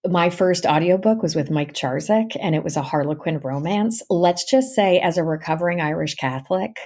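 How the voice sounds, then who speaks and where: Female audiobook narrator, low voice, animated storyteller who laughs a lot. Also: moderate pace. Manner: animated storyteller, laughs often, acts out her own asides. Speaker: audiobook narrator, podcast guest. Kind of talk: casual interview chat.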